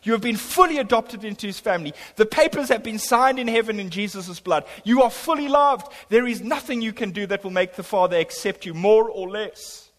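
A man's voice: high voice, brisk, few pauses. A middle-aged man preaching a sermon as pastor, his voice swelling on key lines. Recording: long hall reverb.

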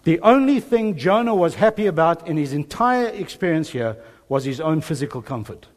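A man preaching a sermon, telling a Bible story with animated storytelling and voiced dialogue, chuckling now and then. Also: a little high, moderate pace. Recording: long hall reverb.

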